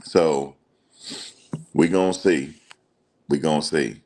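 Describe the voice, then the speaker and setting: A man's voice: a bass voice, slow, a little mellow. A man hosting casual celebrity news commentary, emphatic and slangy, repeating his points. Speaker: commentary channel host.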